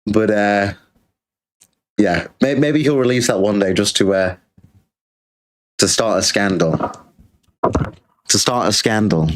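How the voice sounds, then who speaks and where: A British streamer hosts a livestream, ranting in a crude, sarcastic way. His voice is fairly low and his pace slow, with long pauses.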